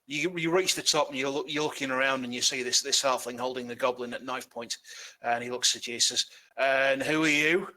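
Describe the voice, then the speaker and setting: Bright-voiced male game master. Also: medium pitch, level tone. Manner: loose and halting, with many fillers and restarts. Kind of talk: narrating a tabletop game.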